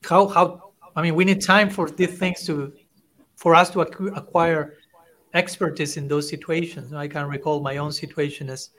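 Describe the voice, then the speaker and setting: A man's voice: a little high, fairly even intonation, moderate pace, fairly bright tone. Thoughtful middle-aged man hosting a podcast. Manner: thoughtful, hesitant, repeats words. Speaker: podcast host, monk. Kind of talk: conversational interview.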